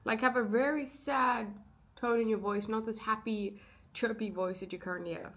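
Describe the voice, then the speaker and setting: A woman's voice: on the high side, steady tone, moderate pace, fairly bright tone. A young woman vlogging in a casual, chatty way, thinking aloud with fillers and side remarks. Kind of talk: casual vlog chat.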